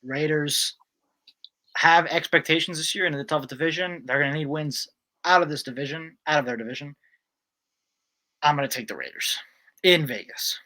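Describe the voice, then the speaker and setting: A man with a bright, forceful tone co-hosts a relaxed football picks chat. He is brisk and decisive as he runs down the list of games. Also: fairly high pitch. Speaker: co-host. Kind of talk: casual sports picks chat.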